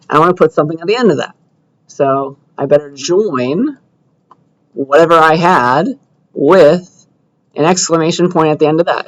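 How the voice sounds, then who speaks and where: A man's voice: fairly high pitch, poor audio. A young man giving a computer science lecture with a live coding demo, talking casually and often checking in with "right?" and "okay?". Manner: conversational, checks understanding with frequent "right?" and "okay?".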